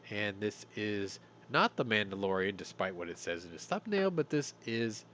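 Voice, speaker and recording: A man's voice: on the low side, animated, moderate pace, a bit bright, slight background noise. A middle-aged man hosting a live-stream news talk show, casual and rambling, swearing freely. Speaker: host.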